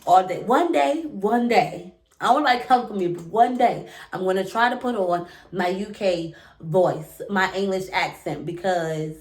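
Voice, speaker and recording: Woman doing a chatty reality tv recap, animated, tons of likes and you knows. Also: mid-range voice, measured pace, few pauses. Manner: animated, chatty, lots of fillers and asides. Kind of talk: casual reaction recap.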